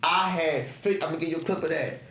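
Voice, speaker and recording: A man's voice: a little high, quick pace. A man, a podcast guest who tells casual, profane stories and acts out what he said back then. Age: 20s. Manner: profane, animated, acts out his own past remarks. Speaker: podcast guest, clothing brand owner. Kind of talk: casual storytelling. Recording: roomy echo.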